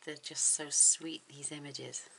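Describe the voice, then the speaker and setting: A woman with a low but bright, clear voice talks through a card-making tutorial in a relaxed, unhurried way. She speaks softly and admiringly, often sinking to a near whisper. The delivery stays gentle and intimate. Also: a little hiss or hum, low-quality recording. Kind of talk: relaxed craft tutorial narration.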